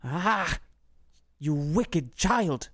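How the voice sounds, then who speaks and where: A man's voice: mid-range voice, normal speed, a little mellow, no echo, clean studio sound, natural voice. A man voicing a wicked old enchantress who mocks and scolds, in a storybook reading. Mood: furious. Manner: mocking, angry outbursts.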